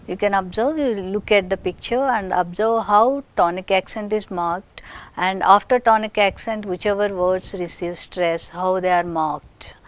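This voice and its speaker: Slow, deliberate Indian woman lecturer. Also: medium pitch, no room sound. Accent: Indian English. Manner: slow, deliberate, with frequent restarts and example sentences. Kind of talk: recorded phonetics lecture.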